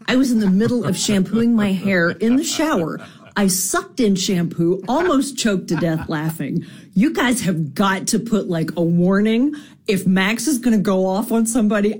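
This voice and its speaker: A woman's voice: mid-range voice, a little mellow, slightly rough. A woman, a nurse, calling a radio show and gushing about nearly choking with laughter. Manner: gushing, breathless storytelling. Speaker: caller, nurse.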